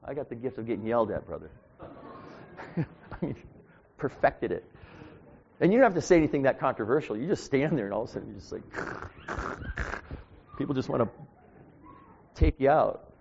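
A man delivering an informal sermon as a preacher, talking in a conversational, anecdotal way that grows louder when he gets animated. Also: medium pitch, moderate pace, creaky, pauses often, slight background noise. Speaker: street preacher. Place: church. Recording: dull lo-fi sound.

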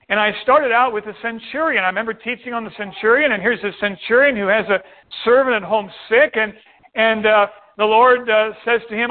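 High-voiced man preaching over a tinny line. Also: quick pace. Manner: animated preaching, acting out the voices of people in the stories. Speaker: pastor. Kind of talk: sermon. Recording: tinny phone-like sound.

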